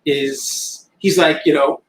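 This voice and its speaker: A man from New York chatting excitedly at a comic shop event, quick and enthusiastic. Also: a little high. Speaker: co-writer and guest. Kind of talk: casual interview chat. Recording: distant roomy mic, faint noise.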